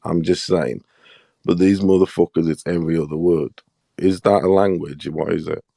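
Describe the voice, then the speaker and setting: A man's voice: low-pitched, fairly even intonation, moderate pace, gravelly, mellow, no echo, studio quality. A man hosting a live boxing talk show in casual, blunt, profane chat, pressing his points hard.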